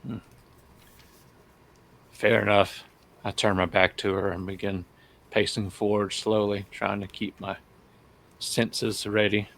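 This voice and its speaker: A man's voice: fairly low pitch, little pitch movement, slow, creaky, pauses often, fairly bright tone. A man playing a tabletop game, speaking in character in a terse, matter-of-fact way. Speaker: player.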